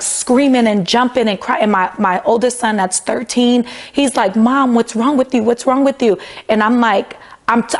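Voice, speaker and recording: Woman in her thirties telling her story. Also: mid-range voice. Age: 30s. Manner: conversational, frequent "like" fillers, quotes her own past words. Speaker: interview guest. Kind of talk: personal storytelling.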